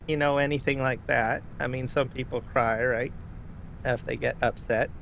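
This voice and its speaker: Man, gaming streamer, loose rambling chat with lots of "right?" and throat clearing, mid-pitched everyday voice. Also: steady tone, normal speed, fairly bright tone, a little hiss or hum. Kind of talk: casual live-stream chat.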